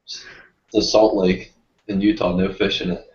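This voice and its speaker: Low-voiced man chatting on a stream. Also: level tone, normal speed. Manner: laid-back, rambling with fillers. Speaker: fishing channel host. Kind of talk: casual live stream chat. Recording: roomy muffled stream audio.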